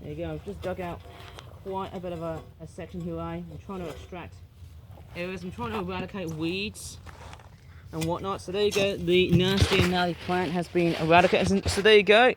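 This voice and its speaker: Recording outdoors on his tablet's camera, this man rambles cheerfully to his audience as he pulls weeds in the backyard garden he vlogs about. He speaks a little fast in a high, steady voice, chatty and exclamatory with playful phrasing, and there's noise in the background.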